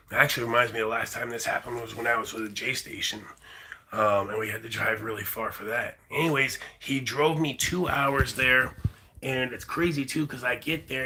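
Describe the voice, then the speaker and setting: A man's voice: medium pitch, pushed and bright, a little hiss or hum, rough recording. A young man telling a long rambling story in a casual vlog, full of fillers and repeated words. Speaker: vlogger.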